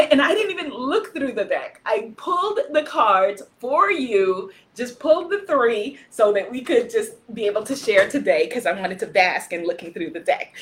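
A woman hosting a live spiritual circle, loud and exuberant, repeating affirmations, then turning slow and hushed when she speaks reverently. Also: medium pitch. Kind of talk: live-streamed spiritual talk.

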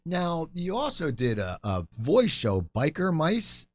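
A man's voice: fairly high pitch, huge pitch swings, slow pace, dry recording, highs cut off. A man hosting an interview, asking rambling questions that restart often. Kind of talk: casual interview.

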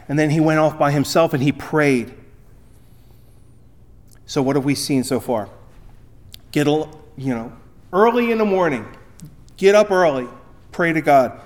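A pastor preaching a sermon, emphatic, his voice swinging between loud and quiet. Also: medium pitch, normal speed, long pauses.

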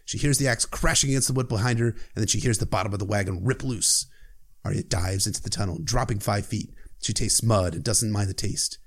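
A man's voice: on the low side, brisk. A man casually recapping a book chapter as a podcast host, irreverent and profane, with joking asides.

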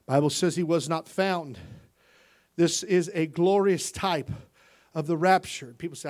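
A male pastor giving a sermon, moving from quiet personal stories to loud, impassioned preaching. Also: on the high side, moderate pace. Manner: impassioned preaching that swings from quiet storytelling to shouting.

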